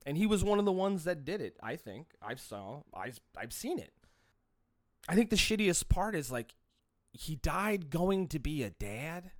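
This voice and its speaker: A man's voice: a little high, big pitch swings, measured pace, dry recording, studio quality. A man hosting a solo podcast, talking in a profane, rambling rant with frequent restarts. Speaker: podcast host.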